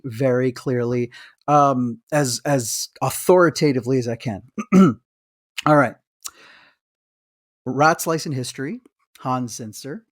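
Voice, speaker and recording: A man's voice: a little high, no room sound, studio quality. A man co-hosting a medical history podcast, chatting enthusiastically and rambling with asides and restarts. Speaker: podcast co-host, physician. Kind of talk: casual chat with a read-aloud book passage.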